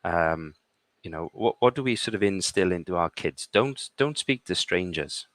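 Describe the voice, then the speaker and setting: A middle-aged British man with a very low, deep voice tells stories in a conversational way and keeps checking in with his listener. The sound is dry and close, with almost no room around it. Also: expressive, moderate pace, no room sound. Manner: punctuates points with "okay?". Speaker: guest speaker. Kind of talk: conversational storytelling. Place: live online conversation.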